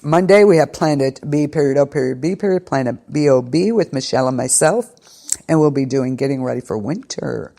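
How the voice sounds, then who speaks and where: Gravelly-voiced woman radio host. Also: extremely low pitch, lively intonation, a little fast, mellow. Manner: rambling, with many ums and restarts. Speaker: internet radio show host. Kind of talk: casual show wrap-up and schedule rundown. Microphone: studio mic, pre-recorded.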